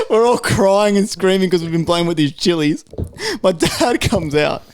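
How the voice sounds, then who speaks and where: A man's voice: sits high, huge pitch swings, a little slow. A young man, co-hosting a podcast and telling stories full of swearing and laughter. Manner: swears constantly, laughs through his stories. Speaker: podcast co-host. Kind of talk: casual chat.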